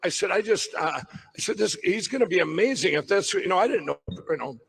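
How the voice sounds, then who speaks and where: A middle-aged man with a fairly high voice tells a personal story to a crowd. He rambles, breaks off and restarts his sentences, and keeps circling back to the point. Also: expressive, a little fast, vocal fry, a bit bright, slightly rough, rough recording. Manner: rambling, self-interrupting storyteller. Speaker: guest speaker at a summit. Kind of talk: storytelling talk on stage.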